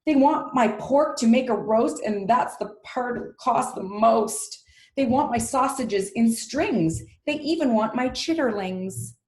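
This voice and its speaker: A woman voicing a very clever male pig with a British accent, reading his lines high and emphatically. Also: animated, a little slow, darkish tone. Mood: indignant. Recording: roomy echo.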